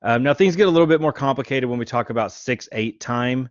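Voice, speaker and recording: A man teaching a music class, counting beats out loud and showing rhythms on guitar. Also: mid-range voice, brisk, no room sound, highs cut off. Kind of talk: lecture.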